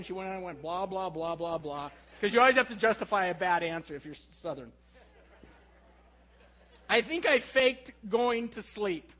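A middle-aged preacher with a strikingly high-pitched voice gives a sermon, moving from quiet, hushed reflection into lively, animated storytelling. The recording quality is low.

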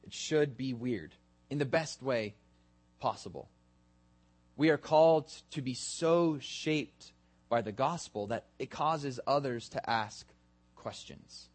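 A pastor preaching a sermon in a relaxed, conversational way, asking his listeners questions and joking about himself. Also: mid-range voice, takes it slowly. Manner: casual and self-deprecating, asks the congregation questions.

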